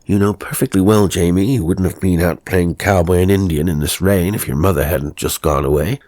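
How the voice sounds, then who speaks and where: A man's voice: low-pitched, fairly even intonation, a little fast, darkish tone, no room sound. A man voicing a country doctor father who scolds his son firmly but with teasing fondness. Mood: stern.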